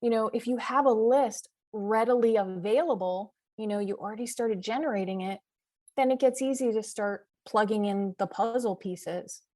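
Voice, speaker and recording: A woman's voice: on the high side, normal speed, darkish tone, dry recording, clean studio sound. A middle-aged woman from the US East Coast, chatting enthusiastically as a podcast guest, listing examples with frequent fillers. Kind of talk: casual interview chat.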